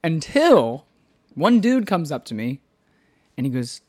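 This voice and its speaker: A man hosting a podcast, telling a story in casual chat, animated, laughing often and swearing freely. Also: fairly high pitch, a little slow. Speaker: podcast host.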